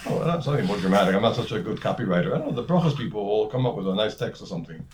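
A man's voice: on the low side, expressive, rapid-fire, a little mellow. A man with giving a conversational Torah lecture as a rabbi, full of Hebrew and terms and repeated words. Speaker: rabbi teaching a class.

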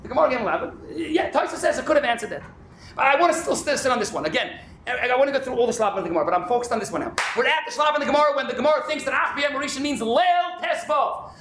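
A man with a very high voice teaches a Talmud class at a fast clip, animated and often shouting. He sounds roomy and echoey. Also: noisy background. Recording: echoey room.

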